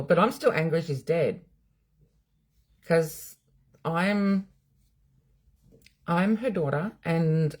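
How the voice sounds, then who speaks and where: Her deep, darkish voice carries as a middle-aged psychic medium from Australia chats on a home live stream. She takes viewers' comments head-on, bluntly and with frequent profanity.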